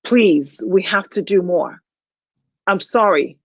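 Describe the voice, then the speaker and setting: A woman hosting a live call-in talk show, emotional and halting, with many hesitant restarts. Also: medium pitch, dry recording, highs cut off.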